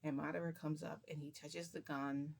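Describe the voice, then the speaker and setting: Gravelly-voiced woman rambling through a story. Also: low voice, level tone, normal speed. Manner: rambling, chatty storytelling with many restarts. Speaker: vlogger. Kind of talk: casual story time.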